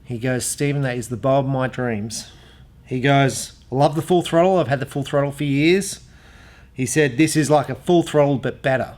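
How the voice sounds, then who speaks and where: Speaking at a moderate pace in a mid-range, slightly mellow voice, a man who runs an archery shop casually demonstrates an arrow rest. He's a chatty, rambling storyteller, wandering off into customer stories during the gear review.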